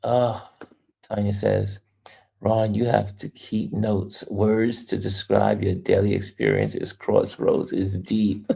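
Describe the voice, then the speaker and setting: A man hosts a casual livestream, chatting loosely and reading viewer comments aloud while laughing often. His voice sits on the low side with a creaky, breathy edge, and he speaks at a slow pace. He comes across as animated throughout this relaxed live chat.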